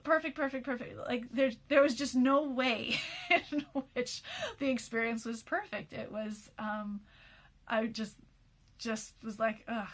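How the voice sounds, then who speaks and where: A woman's voice: a little high, flat delivery, slow pace. A woman in her forties speaks in a candid, rambling personal message. She sounds tired from a sleepless night, with frequent fillers and restarts. Light laughs slip in mid-sentence. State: tired after an all-nighter. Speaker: program host.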